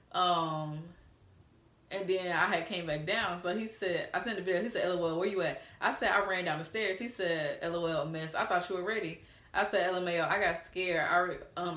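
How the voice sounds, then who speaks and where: A young woman chatting through a storytime, candid and quick to curse as she reads old text messages aloud. Her voice sits a little low, and the room around her rings with echo. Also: fairly bright tone. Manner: candid, cussing, chatty with asides to viewers. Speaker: storytime vlogger. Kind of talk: casual storytelling, reading out texts.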